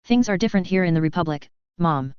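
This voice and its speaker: A woman voicing an excited, naive young male alien office worker, low and smooth in a slightly dull recording. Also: fast talker, dry recording, lightly acted. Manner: excited, bubbly.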